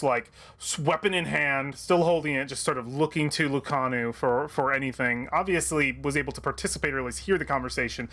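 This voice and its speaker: A man narrating as game master, halting with many fillers and restarts. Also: medium pitch, sharp tone.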